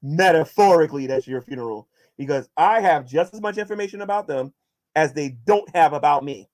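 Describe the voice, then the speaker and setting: Here the vlogger sounds slightly high and fairly quick, with a darkish tone. Answering viewer questions in a casual monologue, he confronts critics combatively and keeps restarting sentences.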